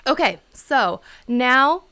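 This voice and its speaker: A woman's voice: high voice, lively intonation, takes it slowly, pushed and bright, clear, resonant tone. A woman chatting casually on a livestream, giving channel advice in a bubbly, talkative way and laughing often. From Seattle area.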